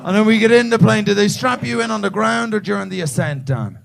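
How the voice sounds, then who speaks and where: Stand-up comic, man, gravelly and a touch high, sweary, ribbing the crowd. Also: fast, a little hiss or hum. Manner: swearing, animated, teasing an audience member. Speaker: stand-up comedian. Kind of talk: stand-up comedy crowd work. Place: comedy club stage.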